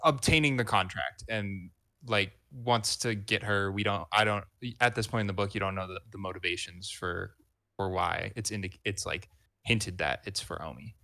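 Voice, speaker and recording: A man with a lowish, bright, forward voice explains a book's plot to his co-hosts. He restarts his sentences often as he works out his point. The sound is dry and close. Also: normal speed, no echo. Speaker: podcast co-host. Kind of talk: casual book club chat.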